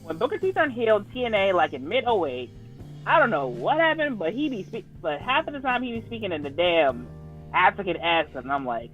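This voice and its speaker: Animated, high-voiced ranting man. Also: brisk, lo-fi sound, soft background music. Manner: animated, exasperated ranting with cursing. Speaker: podcast co-host. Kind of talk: casual chat.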